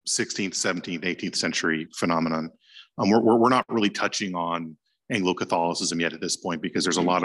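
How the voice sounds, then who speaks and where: Bright-toned man teaching church history. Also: sits low. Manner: conversational, chuckles now and then. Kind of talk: informal lecture.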